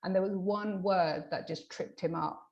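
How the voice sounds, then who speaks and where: A woman with a slightly low voice tells a story from her practice in a relaxed interview. She acts out the quoted lines with bursts of energy and often trips over her words before going on. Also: normal speed, vocal fry, highs cut off. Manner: animated, acts out quoted dialogue; many fillers and restarts. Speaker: hypnotherapist guest.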